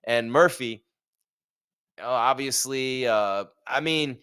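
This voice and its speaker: A man's voice: medium pitch, animated, moderate pace, fairly bright tone. A man hosting a live fight stream, chatting casually with jokes and rhetorical questions. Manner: reads sponsor ad.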